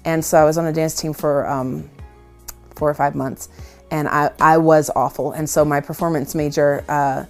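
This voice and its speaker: A woman's voice: low-pitched, little pitch movement, moderate pace, a little mellow, soft background music. A woman, a worship leader, telling self-deprecating stories in a casual interview, often laughing. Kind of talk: casual storytelling in conversation.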